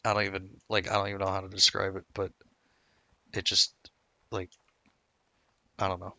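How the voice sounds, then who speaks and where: A man's voice: deep voice, monotone, normal speed, pushed and bright, no echo. A man streaming a game, chatting casually and rambling through stories with many self-interruptions. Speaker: gameplay streamer. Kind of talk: casual gameplay commentary.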